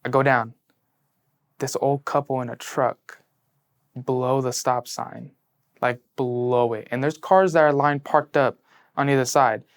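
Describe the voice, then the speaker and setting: In a sit-down interview, a late-teen young man just past graduation gives his personal testimony with real sincerity. His speech is measured, broken by long pauses, peppered with "like," and swings from quiet to eager.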